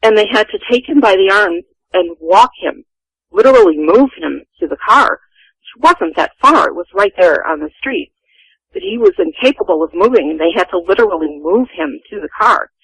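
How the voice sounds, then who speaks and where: A woman's voice: mid-range voice, sing-song, normal speed, husky, no echo, rough recording. A woman in her sixties, a guest telling a personal family story in an earnest, vivid way.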